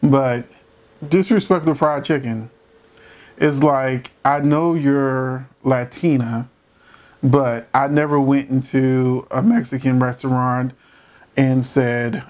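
This commentator speaks slowly in a steady, mid-range voice with a darkish tone, and the recording sounds dull. He's weighing in on a couple's dispute from a court show, casual and emphatic, asking rhetorical questions while struggling not to swear.

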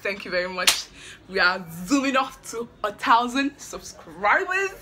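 A woman's voice: on the high side, very animated, measured pace, heavy background noise. Giddy, breathless young woman vlogging. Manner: giddy, hyper and dramatic, repeats herself. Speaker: YouTuber, medical student. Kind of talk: excited casual vlog chat.

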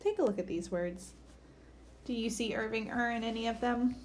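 Woman teacher, children's reading lesson, encouraging, upbeat, slightly high voice. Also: moderate pace, slight background noise.

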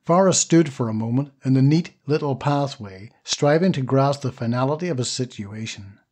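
A man narrating a short story as an audiobook, steady and even. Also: medium pitch, moderate pace, breathy edge. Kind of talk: scripted narration.

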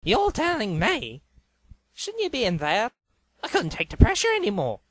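A woman's voice: on the high side, huge pitch swings, moderate pace, no room sound. A woman voicing a fussy, bossy male film director in a cartoon, exclaiming and giving orders. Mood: anxious.

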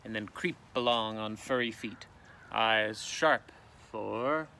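Guy doing a little boy voice, eager, planning out loud, kinda gravelly. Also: lowish voice, slow pace, exaggerated voice, poor audio. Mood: determined. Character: small brave clever boy.

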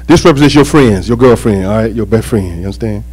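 A man preaching a sermon as pastor, animated and joking, with call-and-response asides to the congregation. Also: on the low side, quick pace, husky, soft background music, low-quality recording.

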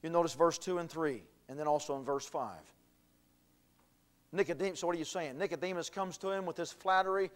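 A man preaching a sermon as pastor, swinging from quiet earnest talk to shouted emphasis. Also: on the high side, a little fast. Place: church sanctuary.

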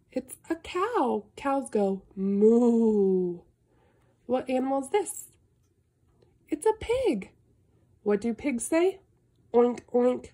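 A woman reading a picture book aloud to a young child, slow and sing-song, with gasps and animal sounds. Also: fairly high pitch, dark tone, breathy edge. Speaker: storybook reader.

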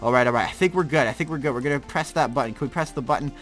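A young man giving excitable, slangy let's-play commentary, laughing and reacting loudly as he plays. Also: medium pitch, very fast, faint music behind. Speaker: gaming YouTuber.

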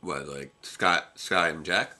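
In a relaxed reaction chat, a young male co-host rambles about episodes, restarts his sentences and laughs frequently. His deep voice is bright and forceful, and he takes it slowly.

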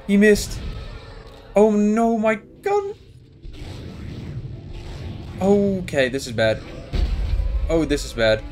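A young man commenting on his game as he plays, panicking aloud and talking to his character and the monster. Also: mid-range voice. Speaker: gaming YouTuber. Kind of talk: let's play commentary. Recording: faint music behind. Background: game music.

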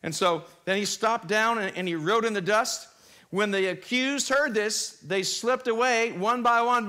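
High-voiced, animated preaching man. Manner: animated preaching, often rising in pitch and volume; quick, conversational asides with restarts. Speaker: pastor. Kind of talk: sermon. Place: church sanctuary, live broadcast.

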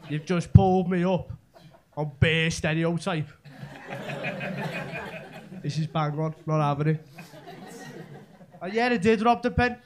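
A young Scouse man from Merseyside, England, rambles through a live stand-up set packed with local slang in a comedy club. His voice is a little high, his pace measured with frequent pauses, and there's slight hiss or hum alongside the audience laughter.

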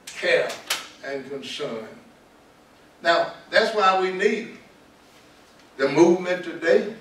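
Brief: older Southern man, pastor, emphatic sermon-like delivery, somewhat high voice, recorded from afar in a big echoing hall. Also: animated, a bit bright. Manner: emphatic, repeats key words, slows for stress. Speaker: pastor and author speaking to students. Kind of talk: preaching-style talk. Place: large auditorium. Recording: echoey hall, distant mic, light noise.

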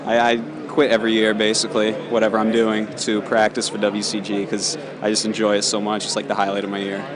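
A man's voice: lowish voice, monotone, quick pace. A young man, a tournament player, speaking casually and matter-of-factly about his matches. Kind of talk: casual on-site interview. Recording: loud crowd at an event.

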